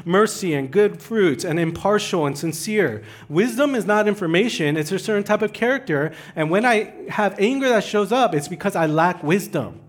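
A man preaching a sermon, who swings from loud, urgent pleading to quiet, hushed asides. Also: a little high. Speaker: pastor.

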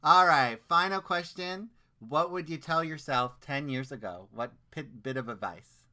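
A man in his late thirties hosting a casual interview podcast, pausing often with "uh" and slipping in dry jokes. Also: fairly high pitch, expressive, bright, forceful tone. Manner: halting with many "uh"s, dry joking. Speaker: podcast host.

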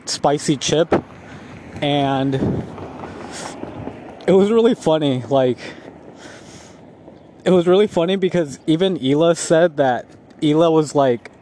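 A man vlogging while walking outside, rambling and laughing often, a bit high. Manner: rambling, laughs often, slow relaxed talk. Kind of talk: casual walking vlog. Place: outdoors on a street.

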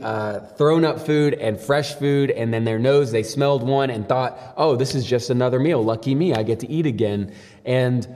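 A man's voice: medium pitch, a little mellow. A young man giving a devotional sermon as a pastor, talking casually and telling stories with many fillers. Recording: long hall reverb.

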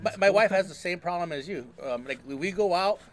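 A man's voice: sits high, a little fast, crowd noise. A man co-hosting a podcast in casual chat, joking and swearing freely in a community center. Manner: joking, profane banter. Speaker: podcast co-host.

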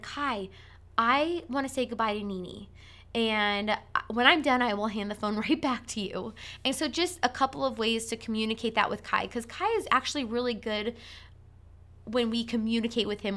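A woman in her thirties talks casually about raising her kids, a bit high in pitch and bright in tone. She drifts into quick voices for her children as she tells each story. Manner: chatty, acts out her kids' voices. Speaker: podcast host. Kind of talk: casual parenting talk.

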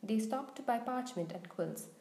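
A woman's voice: a little high, expressive, normal speed, dark tone. Woman reading a storybook, echoey room. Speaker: audiobook reader. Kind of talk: scripted storybook narration.

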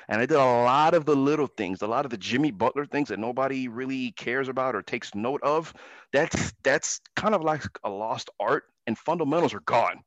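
A man's voice: mid-range voice, fairly bright tone, dry recording. A man hosting a sports talk radio show, talking emphatically and ranting about basketball.

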